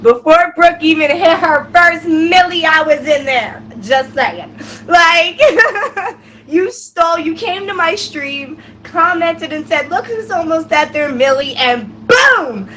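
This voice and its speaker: A woman's voice: very high-pitched, expressive, slow pace, sharp tone, a little hiss or hum, rough recording. A young woman co-hosting a live-stream show, emotional and gushing, laughing through tears. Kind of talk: casual live-stream chat.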